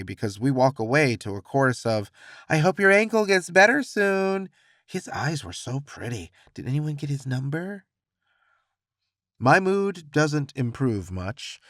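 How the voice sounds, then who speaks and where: A man narrating a first-person romance audiobook with expressive, reflective storytelling. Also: medium pitch, dry recording, clean studio sound.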